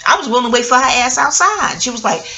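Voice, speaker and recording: A woman's voice: high voice, quick pace, low-quality recording. A woman, telling a story to her viewers in a loose, profane, slangy way. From New York. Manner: animated, profane, street slang, talks straight to viewers. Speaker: vlogger. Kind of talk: casual storytelling.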